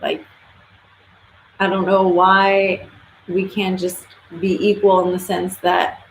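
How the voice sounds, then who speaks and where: A woman's voice: mid-range voice, a little hiss or hum. A woman hosting a casual live stream, talking bluntly and opinionated, swearing freely. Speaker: livestream host. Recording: echoey room with faint ambience.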